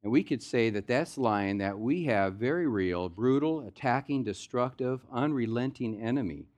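A man's voice: medium pitch, lively intonation, moderate pace, darkish tone. A man preaching a sermon as pastor, in a loose, conversational storytelling way. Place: church sanctuary.

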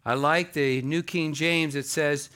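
A man preaching a sermon as pastor, animated, swinging between loud exclamations and hushed asides. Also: fairly high pitch, a little slow, clear, resonant tone.

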